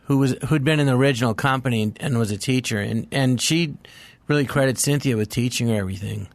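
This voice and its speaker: A man's voice: mid-range voice, quick pace, no room sound. A man speaking as a comedy guest in a casual chat, repeating himself and restarting often.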